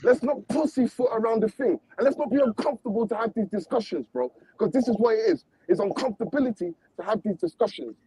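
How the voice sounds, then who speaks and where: Fast, impassioned man, gravelly and husky. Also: very high-pitched, sing-song, dark tone, no room sound, poor audio. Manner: impassioned, repetitive, confrontational. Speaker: panelist. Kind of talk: heated debate.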